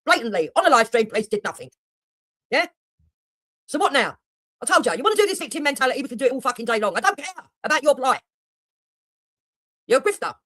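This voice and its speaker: A woman's voice: sits high, very animated, fast, long pauses, a bit bright, no echo. A woman doing heated reaction commentary on a livestream, blunt and mocking, with heavy swearing. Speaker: livestreamer reacting to another streamer.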